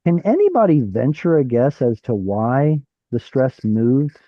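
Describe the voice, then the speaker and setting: A man's voice: mid-range voice, very animated, a little slow, no echo, muffled recording. A man teaching an online Hebrew class, explaining while thinking aloud and asking his students questions. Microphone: video call.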